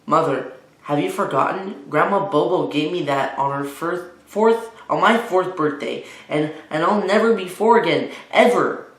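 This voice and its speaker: A man's voice: fairly high pitch, moderate pace, a bit bright, natural voice. A man voicing a stubborn little boy who whines and haggles to keep his toys, read aloud in a roomy space. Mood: pleading. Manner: whiny, dramatic, wheedling. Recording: roomy echo.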